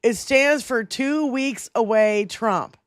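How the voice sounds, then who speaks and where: A woman's voice: a little high, slow, crowd noise. A woman co-hosting a political livestream in casual chat, swearing freely, laughing often and reading out viewer comments. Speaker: livestream co-host.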